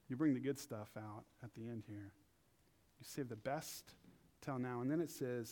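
A young man preaching in a casual, animated way, acting out quotes in funny high voices. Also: normal speed. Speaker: pastor. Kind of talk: casual sermon.

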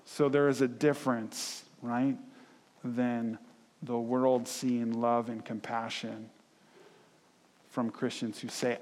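A man preaches in a relaxed, conversational way, slipping into lively quoted voices as he tells stories. His voice sits mid-range and rings through a church sanctuary with a long reverb tail. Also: medium pitch, takes it slowly, long pauses. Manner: conversational, storytelling, animated acted quotes. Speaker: pastor. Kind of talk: sermon.

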